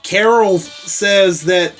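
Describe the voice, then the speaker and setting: A man's voice: high-pitched, very slow, fairly bright tone, faint music behind. A man hosting a casual TV episode recap, rambling along with lots of "like" and "uh" fillers and some casual swearing.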